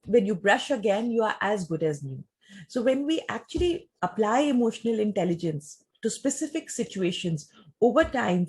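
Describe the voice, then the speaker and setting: A woman gives a talk and answers audience questions in a measured, explanatory way, often using rhetorical questions. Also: medium pitch, a little mellow, slightly rough.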